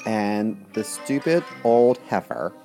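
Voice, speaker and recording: A man's voice: lowish voice, animated, slow pace, mellow, soft background music. A man co-hosting a podcast, telling a story in a blunt, crude, indignant way. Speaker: podcast co-host. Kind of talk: casual storytelling chat.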